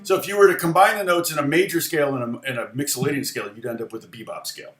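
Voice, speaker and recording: Man, middle-aged, guitar teacher, chatty, rambling, mid pitch, echoey room. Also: rapid-fire. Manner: rambling, chatty, lots of fillers and restarts. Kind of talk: casual livestream guitar lesson.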